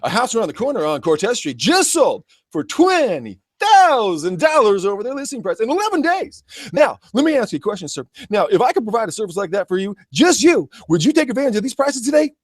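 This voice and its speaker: A man's voice: very animated, brisk, no room sound, studio quality. A man playing an overeager, smarmy male salesman making a cold call. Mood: pushy. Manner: pushy, smarmy pitch voice.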